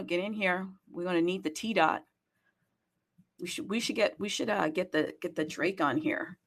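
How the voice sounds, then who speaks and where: A woman hosting a live audio space in a chatty, playful way, hyping her topic and greeting listeners with mock hellos in many languages, with plenty of fillers. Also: lowish voice. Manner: lively hype delivery with frequent fillers. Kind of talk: casual live-stream chat.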